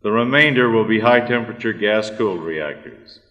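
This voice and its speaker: A man giving a prepared conference talk, measured and deliberate, with fillers and throat clearing. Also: fairly low pitch, a bit bright, highs cut off. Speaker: conference speaker. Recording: reverberant hall, archive recording.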